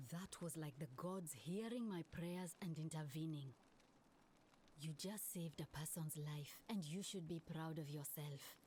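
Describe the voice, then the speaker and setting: A woman's voice: low voice, darkish tone, a little hiss or hum, natural voice. An actress playing a caring woman healer who is tending a sick girl, speaking earnestly and with concern in video game dialogue.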